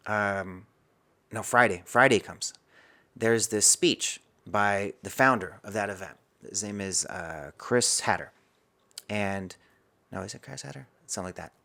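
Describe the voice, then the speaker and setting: A man's voice: fairly low pitch, a little slow, creaky, pushed and bright. A man as a podcast guest, telling a personal story and acting out his own inner dialogue.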